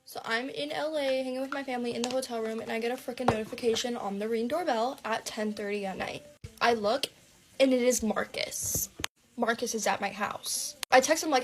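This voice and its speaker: A woman's voice: on the high side, steady tone, slight background noise. Dramatic young woman telling a story. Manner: fast and dramatic, full of "like" fillers and swearing. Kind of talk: casual storytime narration.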